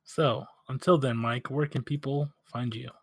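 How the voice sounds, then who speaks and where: Male podcast co-host, relaxed recap, dry close sound. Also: mid-range voice, a little slow, gravelly, slightly rough, dry recording. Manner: relaxed, recaps plots then chats. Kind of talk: casual episode recap and review.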